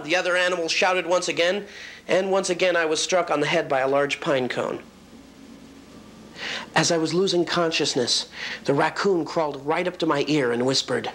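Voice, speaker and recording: A man's voice: fairly high pitch, steady tone, normal speed, fairly bright tone. A man narrating a comic first-person story in a plain, matter-of-fact way.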